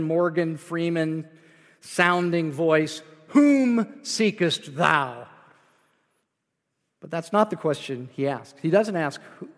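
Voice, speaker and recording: A man's voice: fairly high pitch, big-room sound. A man preaching a sermon as pastor, explaining scripture line by line with frequent restarts.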